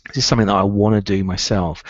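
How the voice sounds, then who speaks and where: A man's voice: fairly low pitch, fairly even intonation, fast, dry recording, lo-fi sound. A man giving a recruitment training talk, emphatic and repetitive, driving points home.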